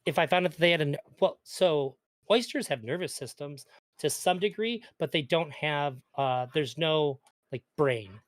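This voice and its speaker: Earnest man arguing, somewhat high voice. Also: animated, normal speed. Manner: earnest, argumentative, stumbles on restarts. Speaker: interview guest. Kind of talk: casual debate.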